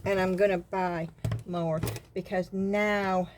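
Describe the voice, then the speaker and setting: A woman with a Southern US accent chatting casually about craft finds, excited about bargains and rambling into little asides. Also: fairly low pitch, slow, slight background noise. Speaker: craft vlogger. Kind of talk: casual haul and craft chat.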